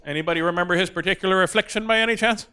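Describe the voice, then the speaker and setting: A man doing a stand-up comedy set, an animated storyteller who laughs at his own jokes. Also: high-pitched, racing.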